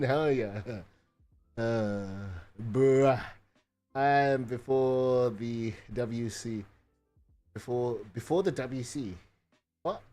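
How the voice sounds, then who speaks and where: A man's voice: mid-range voice, darkish tone. A man talks casually to his stream viewers at a desk microphone, rambling along with fillers and tag questions. He swears freely and keeps checking that chat is following. Faint music sits under his voice. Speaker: live streamer.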